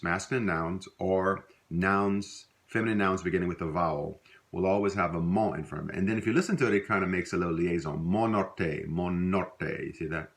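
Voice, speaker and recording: A middle-aged man with a Louisiana accent gives a casual spoken language lesson. His voice sits very low. He rambles easily, using fillers and correcting himself mid-sentence. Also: vocal fry. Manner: relaxed, rambling, with many fillers and self-corrections. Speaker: language teacher.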